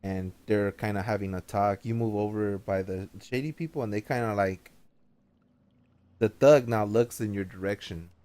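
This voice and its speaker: Male game master, low mellow voice, casual, halting narration. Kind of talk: narrating an online tabletop game.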